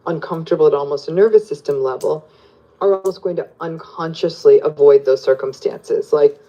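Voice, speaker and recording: A woman psychologist explains her ideas to an interviewer in a low, mellow voice. She is animated and plays out the lines people say to her. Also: fairly quick, rough recording. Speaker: psychologist guest.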